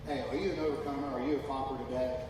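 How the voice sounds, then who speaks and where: A man preaching a sermon as pastor, impassioned and sometimes rising to shouts. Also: medium pitch, steady tone, racing. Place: church sanctuary. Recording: echoey hall from far off with noise.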